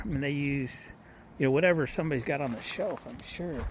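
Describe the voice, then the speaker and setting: A middle-aged man chats in a loose, folksy way, calling his viewers boys and girls as he rambles about his small electric car. He is recorded outdoors, and steady outdoor noise sits clearly under his ordinary middle-pitched voice. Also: quick pace. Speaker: vlogger showing his electric utility car. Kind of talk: casual vlog talk. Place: outdoors, at a restaurant lot and by a barn.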